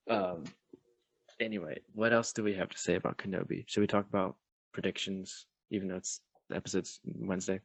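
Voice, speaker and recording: A man's voice: low voice, fairly even intonation, moderate pace, vocal fry, pauses often, slightly rough, dry recording. A man co-hosting a podcast in easygoing casual chat, explaining things he looked up. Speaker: podcast co-host.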